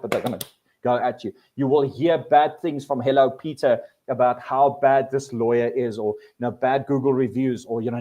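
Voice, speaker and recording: Male presenter, animated workshop delivery, restarts and repeats words. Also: medium pitch, moderate pace. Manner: animated, acts out quoted people with voice changes. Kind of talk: live workshop talk.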